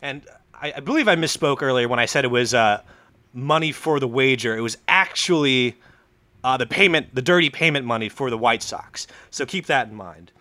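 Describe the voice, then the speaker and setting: Bright-voiced man telling a story. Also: lively intonation, normal speed, no room sound. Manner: acts out characters with loud, high put-on voices. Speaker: podcast host telling a story. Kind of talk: casual comedic storytelling.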